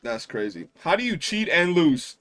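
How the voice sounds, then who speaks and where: A man streaming live, telling stories in a casual, animated and profane way. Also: fairly high pitch, moderate pace. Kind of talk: casual livestream chat.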